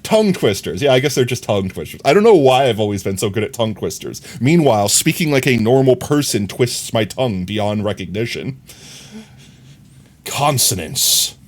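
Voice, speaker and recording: Young man, game streamer, casual rambling chat, laughs often, very animated pitch, mid voice. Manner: rambling, self-correcting, quick to laugh. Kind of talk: casual live-stream chat while gaming.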